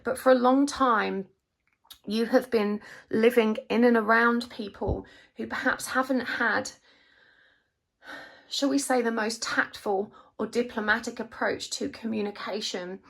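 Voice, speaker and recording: A woman giving a gentle, reassuring tarot reading, emotional at times. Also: on the high side, fairly even intonation, measured pace, creaky. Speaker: tarot card reader. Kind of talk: gentle spiritual reading to camera.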